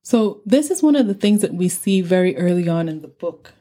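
A woman from Nigeria hosts a book-review podcast. She talks in a low, mellow voice. Her delivery is measured and thoughtful, with light laughs. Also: expressive. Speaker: podcast host. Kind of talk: explanatory book-review talk.

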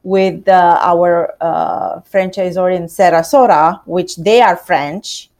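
Slow-speaking Romanian-accented woman. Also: on the low side, darkish tone. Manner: non-native phrasing, many hesitations. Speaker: macaron shop owner. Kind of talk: interview answers.

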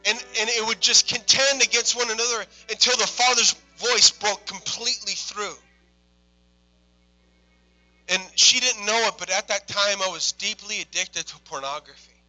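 High bright-voiced male preacher. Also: normal speed, few pauses, faint music behind, rough recording. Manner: quiet storytelling rising to loud impassioned preaching. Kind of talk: sermon.

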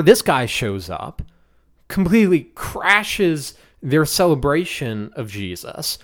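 A man hosting a podcast, teaching a Bible passage in a relaxed, conversational way with the odd chuckle. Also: on the high side. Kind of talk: casual Bible study teaching.

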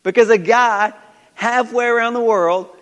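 A male pastor with a Southern country accent preaching a folksy sermon full of rhetorical questions, swinging between loud and hushed. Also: very high-pitched, steady tone, measured pace, big-room sound, lo-fi sound. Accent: American Southern country. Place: church sanctuary.

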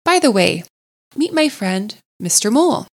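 A cheerful male water rat from a storybook, hearty and brisk as he chats with friends, acted by a woman reading aloud. His voice is a touch brighter than a plain reading voice. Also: mid-range voice, sing-song, vocal fry, exaggerated voice.

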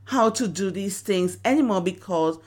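A woman's voice: medium pitch, lively intonation, normal speed, a little mellow. Woman in her fifties, earnest devotional podcast host teaching in the studio. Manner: earnest, preaching.

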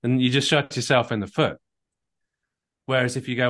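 On a recorded call, a relationship coach with a medium-pitched, fairly bright voice speaks at a normal pace with long pauses. He advises a caller earnestly, repeating words while he thinks and acting out sample dialogues.

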